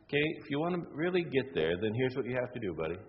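A man preaching a sermon, animated and acting out the people in his story. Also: medium pitch, quick pace, slight background noise. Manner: animated, acts out quoted voices. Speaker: pastor. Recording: dull sound in a reverberant hall.

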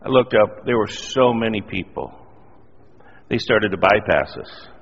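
Middle-aged male preacher, low husky voice, storytelling sermon, dull recording. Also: measured pace. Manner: animated storyteller, self-deprecating humor. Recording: dull lo-fi audio in a reverberant hall.

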